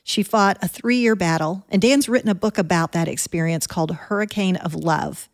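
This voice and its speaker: A woman host asking gentle questions and reading a program introduction. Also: on the low side, moderate pace, no room sound, clean studio sound.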